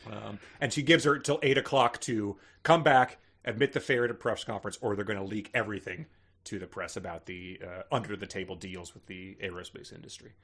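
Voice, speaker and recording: A male podcast co-host in casual comedic book talk. His voice has a slightly husky, breathy grain. He keeps up wry, sardonic asides in an easygoing way. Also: fairly low pitch, steady tone, fairly quick, fairly bright tone.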